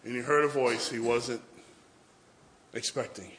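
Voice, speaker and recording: A middle-aged man preaches a sermon in church, telling a story and swinging between hushed asides and loud emphasis. His mid-range voice is steady and unhurried.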